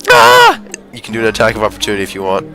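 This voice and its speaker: A man running a tabletop game as game master, animated and laughing often. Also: lowish voice, racing, faint music behind.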